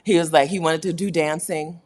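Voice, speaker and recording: A woman's voice: sits low, steady tone, normal speed, darkish tone. A woman hosting a casual livestream chat, talking candidly and laughing often. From United States. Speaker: host.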